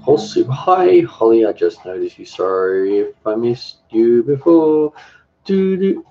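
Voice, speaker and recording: A man's voice: mid-range voice, sing-song, a little slow. An Australian man in his forties hosting a cooking channel, chatting casually on a live stream, reading viewer comments aloud and often restarting his sentences. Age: 40s. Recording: dull lo-fi stream audio with music. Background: music.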